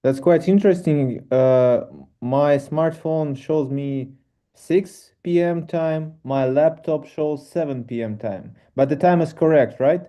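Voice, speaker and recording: A man with a Russian accent co-hosting an online call, speaking hesitantly with many pauses and filler sounds. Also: on the high side. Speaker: event co-host. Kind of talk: casual online call chat. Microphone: video call. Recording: dull lo-fi call audio.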